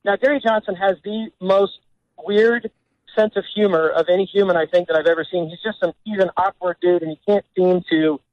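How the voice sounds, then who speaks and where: Earnest stammering male caller, high-pitched. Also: fairly even intonation, fairly quick, no echo, muffled recording. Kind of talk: radio call-in.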